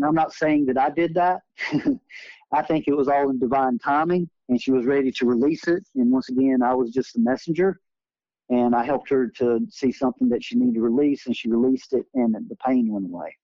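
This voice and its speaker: This man in his forties is an energy healer appearing as an interview guest, earnestly and emphatically telling stories of spiritual healing in a conversational way. His voice sits a little high, with vocal fry and a dark tone. The recording is dry, dull, and lo-fi.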